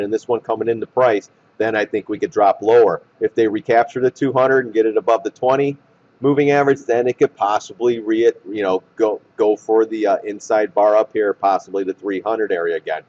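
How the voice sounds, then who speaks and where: Hoarse man talking stock charts. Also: lowish voice. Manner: animated, blunt, trader slang. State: hoarse, losing voice. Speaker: stock market commentator. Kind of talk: chart analysis talk. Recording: dull lo-fi recording.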